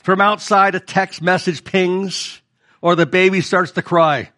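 High-voiced man preaching a sermon. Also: fairly even intonation, a little slow, sharp tone. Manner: conversational preaching, asks the congregation questions. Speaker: pastor.

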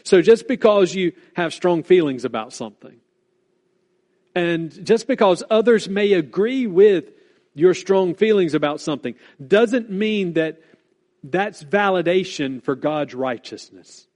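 Earnest higher-voiced male preacher. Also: expressive, a little mellow. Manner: earnest, deliberate, stresses key words. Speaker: pastor. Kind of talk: sermon.

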